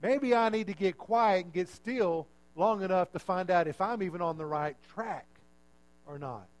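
A male pastor with a notably high voice delivers a sermon in an easy, conversational style. He teases the congregation and mocks himself, often dropping to a low, quiet aside for the punchline. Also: moderate pace. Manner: conversational, self-mocking, drops voice for punchlines.

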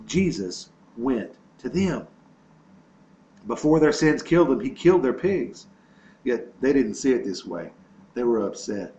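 A man's voice: medium pitch, darkish tone. Man preaching in an echoey, dull-sounding room. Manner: earnest preaching with repetitions and storytelling. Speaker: pastor. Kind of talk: sermon.

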